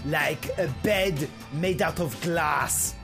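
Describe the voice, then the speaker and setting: A pompous French designer, exaggerated French accent, slow drawl, music underneath. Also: male voice, fairly high pitch, vocal fry, pitched above the performer's own voice. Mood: grandiose. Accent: put-on French. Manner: slow, drawling, theatrical pauses. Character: flamboyant male French designer, over the top.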